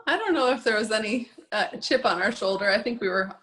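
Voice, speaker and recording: A woman's voice: medium pitch, animated, fast, fairly bright tone, slight background noise. A woman, a former player, giving short replies and laughing in a casual interview. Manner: brief, giggly, agreeing.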